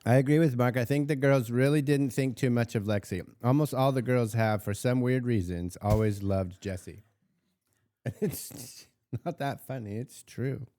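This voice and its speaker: A man's voice: medium pitch, moderate pace, dark tone. A man co-hosting a podcast in casual chat, blunt and teasing, swearing freely. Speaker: podcast co-host.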